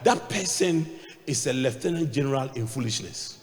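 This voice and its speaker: Ghanaian bishop preaching in a reverberant hall. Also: male voice, medium pitch, animated, normal speed. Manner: switches between English and Twi, dramatic swings from shouting to quiet. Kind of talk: sermon. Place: church hall. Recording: long reverb of a church hall.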